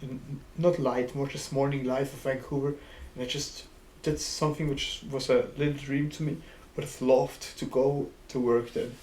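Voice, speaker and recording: A man co-hosting a podcast, telling a story in relaxed, halting casual chat. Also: medium pitch. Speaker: podcast co-host. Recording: echoey room with faint noise.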